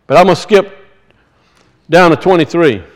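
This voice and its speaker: A male preacher with a notably high-pitched voice. He moves between relaxed, homespun anecdotes and slow, emphatic scripture reading. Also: low-quality recording. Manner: folksy storytelling, rising to emphatic scripture reading. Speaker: pastor. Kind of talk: sermon.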